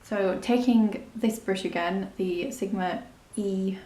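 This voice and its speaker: A woman's voice: medium pitch, slow pace, warm tone, reverberant. A woman talking through a makeup tutorial in a chatty, rambling, self-deprecating way. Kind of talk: casual step-by-step tutorial narration.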